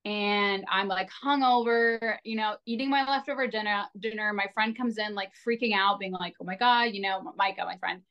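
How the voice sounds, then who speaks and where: A woman's voice: mid-range voice, fairly even intonation, normal speed, few pauses, muffled recording. A woman in her twenties, a podcast guest in casual chat, rambling with lots of "like" fillers and poking fun at herself. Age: 20s. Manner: rambling, heavy on filler "like", self-deprecating.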